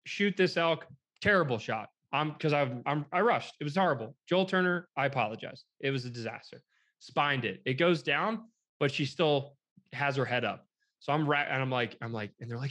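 Young adult man, mid-pitch, chatty podcast guest, animated storyteller who quotes people. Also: normal speed. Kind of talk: casual storytelling chat.

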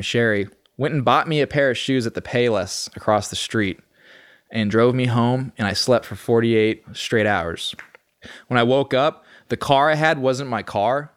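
A man's voice: mid-range voice, normal speed, smooth, no room sound, clean studio sound. Man telling stories, casual and profane. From Texas. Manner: profane, streetwise, lively recounting. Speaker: podcast guest. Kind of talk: casual storytelling.

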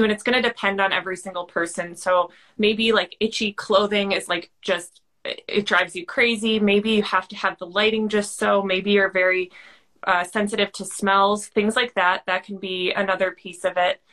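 Direction: a bright, chatty woman who fills her talk with "like". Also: mid-range voice. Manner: chatty, leans on a lot of "like" fillers. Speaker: interview guest. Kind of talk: casual chat.

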